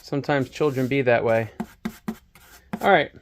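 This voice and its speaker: A man's voice: mid-range voice, unhurried, noisy background. A man hosting a laid-back painting tutorial, chatting and joking about himself as he thinks aloud close to the camera microphone. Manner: chatty, self-mocking, thinks aloud while working. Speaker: hobby painting channel host. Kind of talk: relaxed painting tutorial talk. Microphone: camera microphone close to his face.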